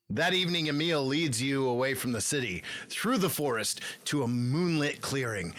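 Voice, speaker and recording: A man's voice: medium pitch, expressive, moderate pace, hardly any pauses, fairly bright tone, dry recording. A man hosting a podcast, reading a choose-your-own-adventure book aloud with theatrical storytelling. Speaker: podcast host.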